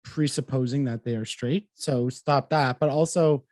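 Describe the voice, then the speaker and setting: A man's voice: medium pitch, moderate pace, darkish tone, no room sound. Man, podcast host, reflective, hesitant, dry close recording. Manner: reflective, hesitant, with many fillers. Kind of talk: casual podcast interview.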